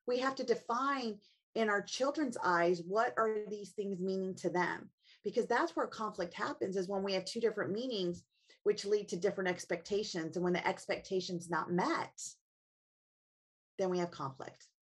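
A woman's voice: medium pitch, moderate pace, husky. A middle-aged woman, a family coach and author, speaking earnestly as an interview guest and asking herself reflective questions. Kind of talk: interview guest, personal storytelling.

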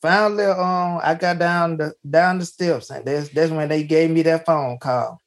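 A podcast host tells a personal story in casual, folksy fashion, often opening with "hey" and restarting his sentences. His voice is a little high and a little fast, with hardly any pauses.

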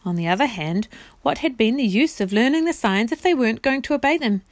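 A woman reading a storybook chapter aloud in a clear, expressive way. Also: a little high, brisk, no echo. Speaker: reader.

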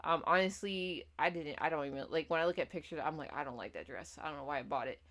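A woman's voice: low voice, fast talker. A woman co-hosting a podcast, talking casually and playfully with lots of filler phrases. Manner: chatty, fillers like "not even lie", playful. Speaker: podcast co-host. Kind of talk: casual chat.

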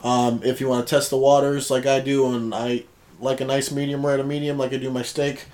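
A man's voice: mid-range voice, flat delivery, fairly quick, darkish tone. A man co-hosting a casual podcast, talking in a laid-back, joking way. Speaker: podcast co-host. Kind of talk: casual chat.

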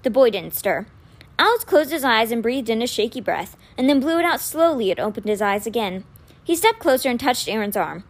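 A woman reading chapters of a children's novel aloud in an expressive, animated storytelling manner. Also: on the high side, brisk.

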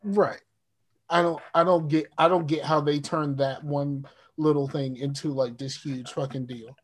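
A man's voice: fairly high pitch, fairly even intonation, moderate pace. A man co-hosting a casual TV recap podcast, rambling and profane, often restarting his sentences. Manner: rambling, profane, repeats himself. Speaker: podcast co-host.

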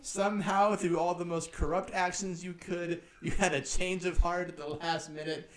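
A man's voice: sits high, level tone, moderate pace, a bit bright. A man narrating a comedic tabletop game as game master, joking, laughing and swearing as he goes. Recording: roomy echo, faint music.

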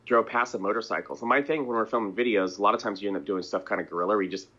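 This interview guest, also a band member, talks very fast in a fairly low, sharp-toned voice. Chatty and rambling, he goes on at length, chuckling between ideas and clearing his throat, all captured in dull lo-fi sound.

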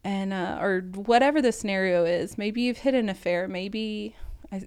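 This emotional testimony comes from a woman in her thirties, a podcast co-host, whose account of a painful experience is tearful and disjointed, broken by laughter through the tears. Her medium-pitched voice is darkish and clean, at a moderate pace.

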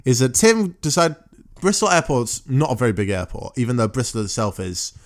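A man's voice: medium pitch, a little fast. Rambling, joking male co-host. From England. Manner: rambling, self-correcting, joking. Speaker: podcast co-host. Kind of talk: casual chat recapping a game show.

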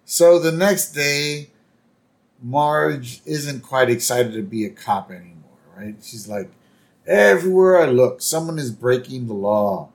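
A man's voice: mid-range voice, slow pace. A man co-hosting a podcast, casually narrating an episode's plot with laughs and quoted lines. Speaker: podcast co-host. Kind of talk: casual chat retelling an episode.

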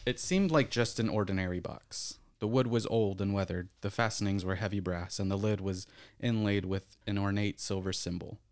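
A man's voice: fairly low pitch, steady tone, moderate pace. A man co-hosting a comedy podcast, making dry wisecracks and introducing the next story. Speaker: podcast co-host and story reader. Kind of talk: casual chat.

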